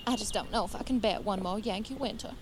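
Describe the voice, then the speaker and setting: A woman's voice: mid-range voice, fast, background noise, lightly acted. A woman playing a chatty Southern lady guest with a Southern US accent, gushing and drawling in an audio drama.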